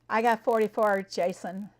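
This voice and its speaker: A woman streaming a farming game, chatting casually with her viewers, answering them by name and laughing often. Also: mid-range voice. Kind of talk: casual live-stream chat.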